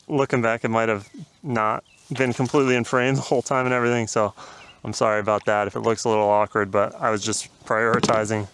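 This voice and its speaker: A man vlogging his fishing day outdoors on a river, talking casually to viewers with excited exclamations and laughter. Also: fairly low pitch, smooth.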